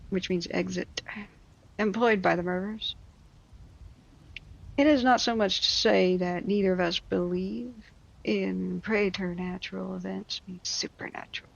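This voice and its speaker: A woman reading a classic story aloud, breaking off for wry, mocking asides and quick explanations of old words. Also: medium pitch, fairly even intonation, vocal fry. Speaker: reader.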